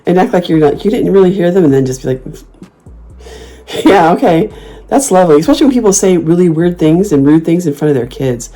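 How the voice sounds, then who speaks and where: A woman hosting a casual chat, telling stories in a sassy, animated way, often laughing and jumping into loud, high mock comebacks. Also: quick pace. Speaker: host.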